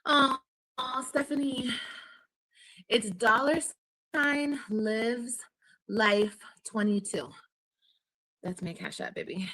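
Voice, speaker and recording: A woman's voice: on the high side, slow pace, pauses often, pushed and bright, rough recording. A woman vlogging casually from home, chatting to viewers and answering comments. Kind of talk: casual chat.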